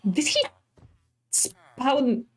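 Slow-talking woman narrating her gameplay. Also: sits high, big pitch swings. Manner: chatty, easily startled, talks to animals and villagers. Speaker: streamer. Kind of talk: casual gameplay commentary.

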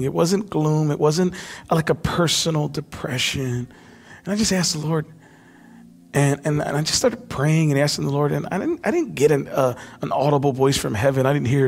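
A man preaching a sermon as pastor, impassioned, dropping to a hush when he quotes. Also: on the high side, lively intonation, moderate pace, gravelly. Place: church sanctuary.

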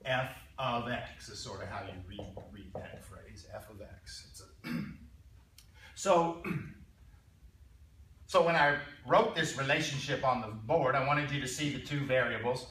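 A man teaching a college algebra class, pausing, restarting and often clearing his throat as he asks the students questions. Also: mid-range voice, a bit bright, slight background noise. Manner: halting, repeats words, clears throat often. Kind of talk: classroom lecture. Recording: echoey classroom from far off.

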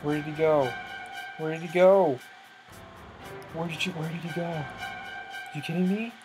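Jumpy let's-play host rambling through gameplay, thinking out loud the whole time. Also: medium pitch, normal speed, over loud music, low-quality recording. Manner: excitable, thinks aloud, startles easily. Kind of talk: casual gameplay commentary.

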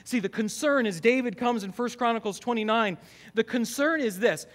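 High-voiced emphatic pastor. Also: male voice, normal speed, fairly bright tone. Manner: emphatic, asks the congregation questions. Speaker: campus pastor. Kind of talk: sermon.

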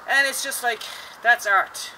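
A man, an artist, delivering an angry, rambling, profanity-filled rant. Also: very high voice. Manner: angry, swears constantly, rambling. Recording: distant voice, loud outdoor street traffic.

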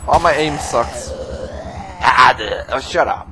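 A man playing through a video game and commenting casually, excitable, yelling at enemies and laughing. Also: medium pitch, slow, noisy background. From United Kingdom. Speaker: let's play gamer.

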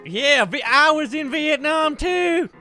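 A man putting on the voice of a loud, boastful redneck war veteran, hollering and drawing out his words. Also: extremely high pitch, expressive, takes it slowly, soft background music, voice pushed up, heavily acted. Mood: boisterous.

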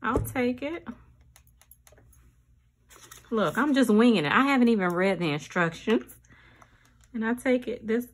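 A woman, chatting excitedly to viewers in a casual unboxing vlog, calling them y'all. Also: unhurried, pauses often, slight background noise. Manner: squeals up high when thrilled. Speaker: vlogger.

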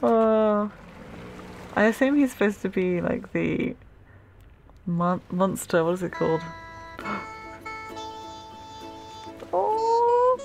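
A young woman hosting a gaming channel, giving casual, giggly and excitable commentary while she plays, laughing often. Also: mid-range voice, slow, gravelly, pauses often, soft background music.

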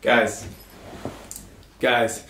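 Animated young London man telling a story. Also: extremely slow, slight background noise. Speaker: vlogger. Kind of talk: storytime vlog. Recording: roomy indoor sound.

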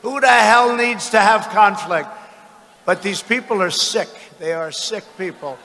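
A man in his seventies giving a political rally speech in an arena, boastful and mocking, often breaking into shouts. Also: high-pitched, unhurried. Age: 70s. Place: large arena with crowd. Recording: arena with long reverb.

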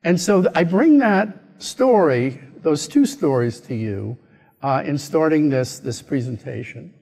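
An American man giving a conference keynote, telling a story in an animated way and acting out the voices of the people in it. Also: on the high side, measured pace, creaky. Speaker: keynote speaker. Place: conference hall. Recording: echoey hall.

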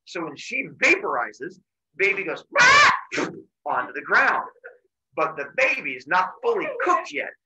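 A man teaching a class by retelling a myth in an animated, jokey way with deadpan asides. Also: sits high, moderate pace, slight background noise, poor audio. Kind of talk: comic myth storytelling to a class.

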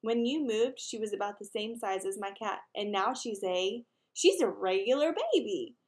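A woman voicing an excitable, competitive boy of about twelve, reading a storybook aloud in a raised, emphatic voice. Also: normal speed, close to an everyday voice. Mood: excited. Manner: high, loud and emphatic.

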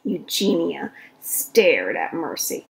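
A woman reading a children's story aloud in an expressive storytelling voice. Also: low voice, slow, vocal fry, poor audio. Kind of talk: read-aloud storytelling for kids.

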